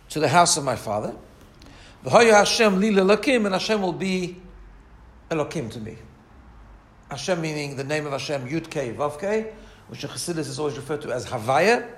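Man teaching a Hebrew text study class. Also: on the high side. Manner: reads Hebrew text aloud and translates phrase by phrase; asks rhetorical questions and adds filler checks like "right?". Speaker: Torah teacher.

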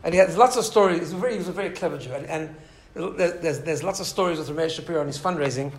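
Rabbi giving an informal class, quick and animated, voice pitched a little high, a small live audience in the room. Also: male voice, a little hiss or hum. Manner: animated storyteller, many restarts and asides. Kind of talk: informal Torah class talk.

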